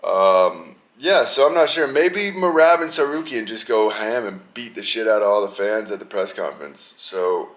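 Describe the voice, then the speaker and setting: Slangy low-voiced man riffing on fights. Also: normal speed, hardly any pauses. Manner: rambling, animated, slangy. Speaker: podcast host. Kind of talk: casual sports chat.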